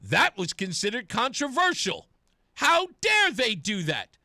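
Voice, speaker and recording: A man's voice: very high voice, huge pitch swings, a little slow, sharp tone, no room sound, studio quality. A man hosting talk radio, giving sarcastic, indignant political commentary.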